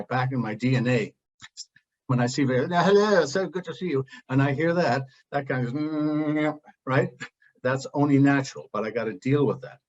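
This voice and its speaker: A man's voice: mid-range voice, dull audio. A man speaking as a panelist in a heated open discussion, blunt and impassioned, drifting into digressions.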